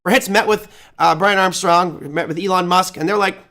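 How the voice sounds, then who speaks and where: A man hosts a live finance show with pointed, sarcastic commentary. His voice sits a bit high, and he leans hard on key words while working through his notes. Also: fairly even intonation, normal speed, pushed and bright. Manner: sarcastic, emphatic, reads along from notes. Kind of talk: opinionated market commentary.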